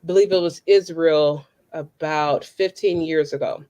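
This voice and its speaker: A woman's voice: low voice, a little slow. A woman from Chicago performing spoken word poetry with a rhythmic, emphatic delivery, then chatting casually. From Southside of Chicago. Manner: relaxed, casual talk with fillers when chatting. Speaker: poet.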